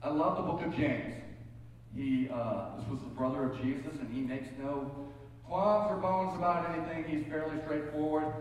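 A man's voice: a little high, normal speed. Pastor guy telling stories in his sermon, big echo from the hall, faint room hum. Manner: folksy storytelling, joking asides. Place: church sanctuary. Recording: echoey hall from far off.

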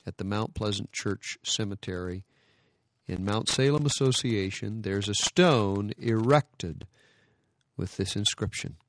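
A man preaching a sermon, reading scripture and telling stories, with dramatic swells to emphatic peaks and sudden drops to a hush. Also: on the low side, a little slow, a little hiss or hum.

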